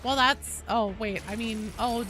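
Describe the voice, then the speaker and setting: A woman's voice: a little high, unhurried, bright, forceful tone, a little hiss or hum. A woman game streamer chatting casually with her viewers while playing, swearing freely and greeting people in chat. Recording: game music playing behind the voice.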